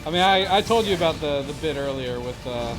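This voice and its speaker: Slightly high man chatting in halting bursts. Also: animated. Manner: halting, restarts mid-sentence. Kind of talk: casual chat while gaming. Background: game music.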